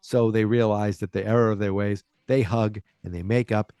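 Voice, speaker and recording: A man's voice: lowish voice, fairly even intonation, moderate pace, dark tone, clean tone, no room sound, clean studio sound. A man hosting a podcast, casually recapping an episode in a rambling way with lots of fillers and restarts. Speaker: podcast host.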